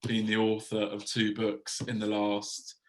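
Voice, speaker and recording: A male interviewer with a low, flat voice that barely rises or falls. He talks through his questions thoughtfully and fills his pauses as he goes. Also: low-quality recording. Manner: thoughtful, with many fillers. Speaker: interviewer host. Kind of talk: conversational interview.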